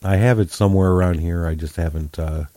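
A man's voice: deep voice, steady tone, fairly quick, warm tone. A man co-hosting a podcast, chatting casually about a movie with dry, wry remarks. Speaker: podcast co-host. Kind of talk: casual movie review chat.

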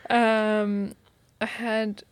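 A woman's voice: medium pitch, little pitch movement, drawn-out words, no room sound. A woman co-hosting a podcast in casual chat reviewing a TV show, playful and teasing, laughing easily. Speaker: podcast co-host.

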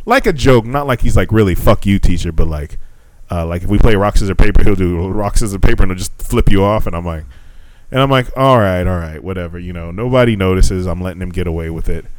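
A man co-hosting a casual podcast chat, telling animated teaching stories, swearing freely and acting out quotes. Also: low voice, quick pace, no echo.

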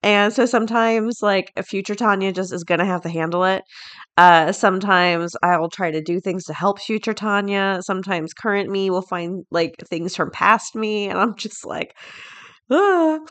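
A woman's voice: mid-range voice, steady tone, normal speed, fairly bright tone. A middle-aged woman hosting a daily podcast, chatting off the cuff with frequent laughs and reading out headlines. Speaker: podcast host. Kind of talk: casual chat and reading headlines.

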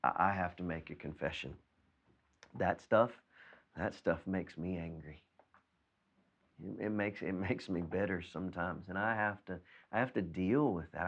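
A man with a lowish voice delivers an earnest sermon as pastor, doubling back on words as he drives home each point. The video recording sounds dull and lo-fi. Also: fairly bright tone. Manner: earnest, repeats words when stressing a point. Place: preached by video from home during quarantine.

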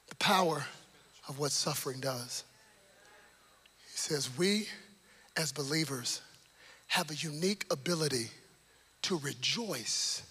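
A man preaching a sermon, animated and lively, swinging between loud emphatic lines and hushed, near-whispered passages. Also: on the high side, slightly rough.

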